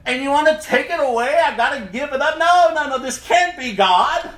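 A man giving an emotional testimony to an audience, dramatic, swinging between loud outbursts and hushed tones. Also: extremely high pitch, lively intonation, normal speed, reverberant. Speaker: speaker giving a personal testimony.

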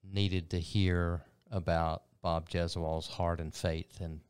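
A man hosting a faith interview program, speaking in a measured, earnest broadcast manner. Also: low-pitched, flat delivery, clean tone, no room sound, clean studio sound.

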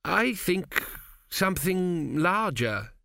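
A man's voice: big pitch swings, takes it slowly, background noise, heavily acted. A man playing a flustered young king. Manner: hesitant, stammering, raised pitch. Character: young nervous male king, unsure.

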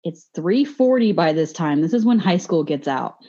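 A woman's voice: deep voice, moderate pace. A woman in a casual podcast chat, telling a story bluntly, swearing freely and laughing along. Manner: blunt, profane, laughs through an animated story. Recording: muffled lo-fi podcast audio.

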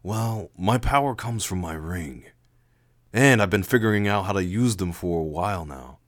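A man voicing a somber young man who speaks in a soft, near-whispering way in a storybook reading. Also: low voice, lively intonation, normal speed, no echo, clean studio sound.

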